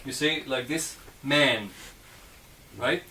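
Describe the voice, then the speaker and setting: Male teacher, slow and patient, heard from a distance over faint background hum. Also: a little high, fairly bright tone. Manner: slow and patient, checking understanding with "okay?" and "right?". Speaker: Arabic teacher. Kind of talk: classroom lesson on Arabic letters. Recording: distant mic, faint room noise.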